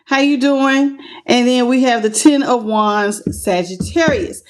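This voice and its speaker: Woman w/ AAVE doing a live tarot stream, chatty, slightly higher voice. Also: measured pace. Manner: chatty, greets chat viewers by name. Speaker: tarot reader.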